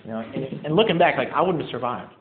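A man's voice: mid-range voice, expressive, fast, a little hiss or hum. Casting: man, casual self-mocking storyteller at a meeting, quotes others in put-on voices; thin tinny sound. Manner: casual, self-mocking, filler-heavy with many "like"s; acts out quoted people in his story. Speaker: speaker sharing his recovery story. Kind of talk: storytelling talk to a live audience. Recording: tinny, echoey hall recording.

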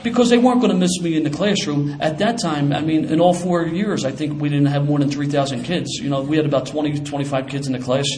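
A man telling a brisk, lively story from Philly. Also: a little high. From Philadelphia. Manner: lively, casual storyteller with street slang. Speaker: former police officer. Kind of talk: personal storytelling.

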